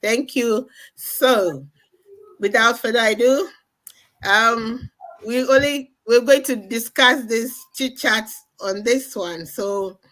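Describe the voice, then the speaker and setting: Woman hosting a live stream on a video call, talks real slow and welcoming, bit hoarse. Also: a little high, fairly bright tone, rough recording. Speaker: host of a live online chat.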